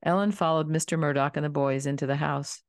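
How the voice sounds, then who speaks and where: A woman narrating a children's novel in a calm, steady storybook reading. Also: low voice, brisk, dry recording, clean studio sound. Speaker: audiobook reader.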